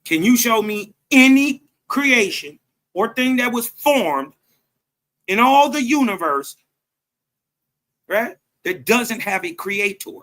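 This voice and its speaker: A man's voice: extremely high pitch, expressive, takes it slowly, long pauses, bright, forceful tone. A man, commenting on a debate clip in an emphatic, preachy way that keeps asking "right?". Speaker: host reacting to a clip.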